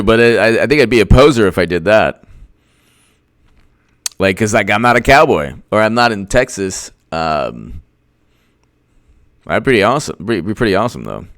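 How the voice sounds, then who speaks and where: A man's voice: lowish voice, very animated, moderate pace, pauses often, a bit bright, no echo, studio quality. A man hosting casual livestream commentary, sarcastic and mocking, who laughs often and answers viewers' chat. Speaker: political commentator, host.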